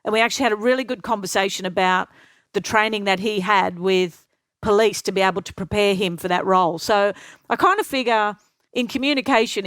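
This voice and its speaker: An older woman from Australia, a podcast guest telling lively anecdotes and acting out the voices of the people in them. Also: medium pitch, no room sound. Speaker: interview guest. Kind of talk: storytelling interview.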